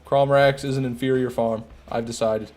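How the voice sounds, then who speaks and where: A man's voice: mid-range voice, fairly even intonation, fairly quick, a little mellow, faint music behind. A young man streaming a video game, chatting casually and grumbling to his chat. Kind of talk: casual gameplay commentary.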